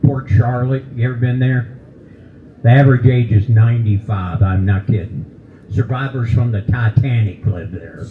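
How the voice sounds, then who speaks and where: A man's voice: mid-range voice, moderate pace, phone-quality sound, a little hiss or hum. Seventy-something man doing folksy stand-up. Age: 70s. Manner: folksy, teasing the crowd, jokes about old age. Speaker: stand-up comedian. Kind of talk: stand-up comedy set. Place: brewery stage with live audience.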